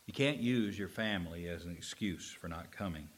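A man preaching a sermon, telling a story and swinging between quiet asides and loud emphatic lines. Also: low voice, normal speed. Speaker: pastor.

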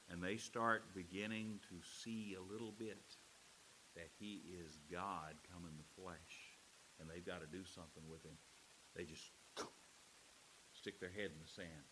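A man preaching a sermon in an animated way, acting out quotes with voices. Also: low-pitched, a little slow, slight background noise. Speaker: pastor.

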